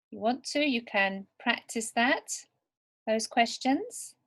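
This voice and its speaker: A woman teaching English to beginners over slides, speaking slowly and deliberately word by word. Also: fairly high pitch, animated, a bit bright. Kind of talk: slow, clear lesson for beginner learners.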